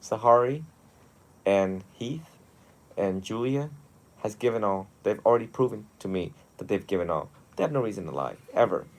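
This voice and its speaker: Low-voiced man telling stories animatedly. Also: moderate pace, slight background noise. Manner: animated storytelling, often laughing. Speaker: monastic teacher. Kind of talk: one-on-one mentoring talk.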